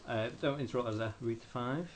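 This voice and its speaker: A young man co-hosting a casual podcast, leading the segment in a brisk, wry way. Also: mid-range voice, noisy background. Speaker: podcast co-host. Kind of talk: casual chat.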